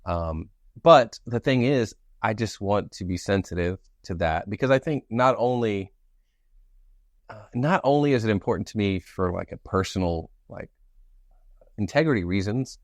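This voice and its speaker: A young man co-hosting a podcast in casual chat, playful and jokey with sudden animated outbursts. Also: lowish voice, normal speed, no echo, clean studio sound. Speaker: podcast co-host.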